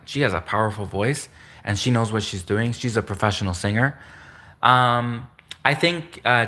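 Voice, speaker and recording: A man hosts a solo livestream, his voice bright and forceful at a middling pitch. He rambles along, restarting sentences and repeating phrases, and now and then chuckles at his own slips. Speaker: livestream host.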